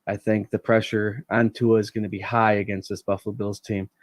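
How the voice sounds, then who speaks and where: A man's voice: lowish voice, level tone, brisk, dry recording. A man co-hosting a casual sports panel podcast, giving his game picks in a slightly hesitant way. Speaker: podcast co-host.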